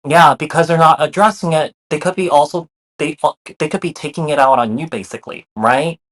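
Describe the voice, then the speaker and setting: Slightly high, a bit bright and a little fast, this man's voice carries a casual tarot reading for his viewers. Reassuring in manner, he keeps repeating phrases and saying "you know" and "kinda."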